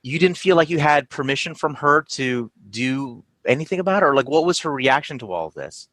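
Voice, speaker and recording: A man's voice: mid-range voice, lively intonation, normal speed, fairly bright tone, dry recording. A man hosting a podcast and asking thoughtful, probing questions. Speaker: podcast host. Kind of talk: interview questions.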